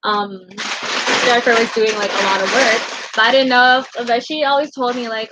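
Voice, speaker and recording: A woman's voice: a little high, steady tone, moderate pace, noisy background. A young woman in her late teens rambling emotionally through a casual storytime vlog, full of fillers. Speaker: vlogger.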